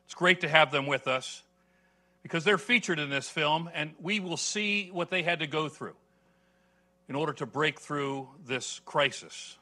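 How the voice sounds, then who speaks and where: 60s guy at a podium opening an event, bright clear voice, earnest, lots of uh's, hits key words hard. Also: on the high side. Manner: earnest, measured, with frequent "uh" fillers and stressed key words. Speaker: host and think-tank president. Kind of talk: formal welcome speech at an event. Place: event hall before a seated audience.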